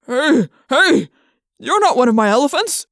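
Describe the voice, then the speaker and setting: Woman playing a terrified male animal trainer who stammers and yells, pitched high and swinging wildly; dry audiobook read. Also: sing-song, a little slow, no echo, exaggerated voice. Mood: panicked. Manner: frightened, stammering, shouting. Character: panicked grown man, an elephant trainer. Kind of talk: audiobook character voice.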